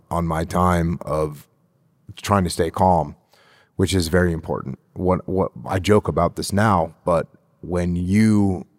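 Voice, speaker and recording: Deep-voiced man, measured and repetitive. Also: darkish tone, no room sound, clean studio sound. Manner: deliberate, repeats phrases for emphasis. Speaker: guest, leadership instructor. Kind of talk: conversational interview answer.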